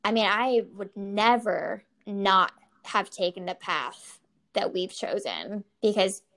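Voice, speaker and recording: A woman's voice: medium pitch, slow pace. A woman in her thirties, co-hosting a casual chat, telling stories animatedly and laughing often. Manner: animated, laughs often, filler-heavy storytelling. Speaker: podcast co-host.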